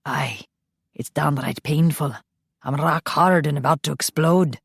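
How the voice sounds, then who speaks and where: Woman doing a protective vampire guard, low, terse, firm orders. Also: measured pace, creaky, slightly rough, dry recording, studio quality, heavily acted.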